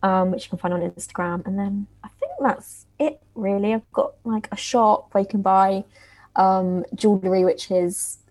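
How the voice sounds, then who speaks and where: A woman's voice: mid-range voice, normal speed, darkish tone. A woman guest on a podcast, talking casually with many fillers and easy laughs. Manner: laughs easily, hesitant fillers. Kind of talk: casual interview talk.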